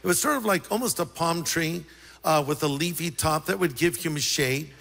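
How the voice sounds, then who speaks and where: A man preaching a sermon as pastor, lively and joking with the congregation. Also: a little high, moderate pace, vocal fry, big-room sound.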